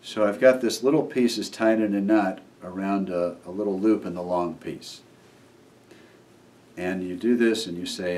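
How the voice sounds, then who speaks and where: A man, a magician, casually explaining a trick step by step while showing it, and now and then acting out what the kids shout back. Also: low voice, normal speed, far from the mic. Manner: relaxed, acts out the kids' replies while demonstrating.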